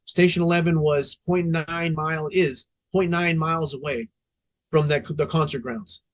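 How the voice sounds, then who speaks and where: A middle-aged man with a fairly high voice recounts a story in a podcast interview. He talks bluntly and emphatically and swears freely, like a veteran of the fire service. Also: steady tone, normal speed. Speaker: fire department veteran guest.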